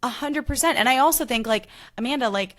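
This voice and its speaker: A woman hosting a podcast, chatting casually about a reality show, full of "like" fillers and quick impressions of people. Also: sits high. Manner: animated, lots of "like" fillers, mimics people. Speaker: podcast host. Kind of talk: casual chat.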